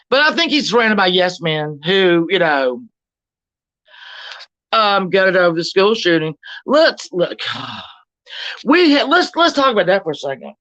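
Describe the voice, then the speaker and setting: A woman hosts a livestream of casual commentary, ranting bluntly, swearing a lot, and greeting viewers in the chat. Her voice is mid-range and a bit bright, heard through dull lo-fi stream audio.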